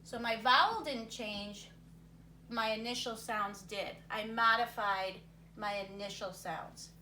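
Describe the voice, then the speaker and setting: A woman's voice: fairly high pitch, slow pace, bright, forceful tone. A woman teacher talking young students through a word game, encouraging them and thinking aloud as she goes. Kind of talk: recorded reading lesson for young students. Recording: roomy sound from a distance, faint noise.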